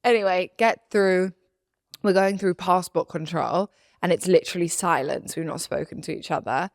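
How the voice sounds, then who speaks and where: A young woman co-hosting a podcast, telling a personal story in casual chat, animated and laughing as she acts out quotes. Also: lowish voice, moderate pace, dry recording, studio quality. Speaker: podcast co-host.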